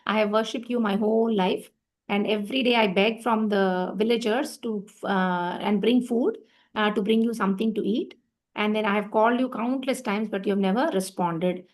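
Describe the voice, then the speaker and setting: A woman's voice: mid-range voice, fairly even intonation, normal speed, natural voice. A woman voicing a bitter old holy man. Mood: reproachful. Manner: reproachful, complaining.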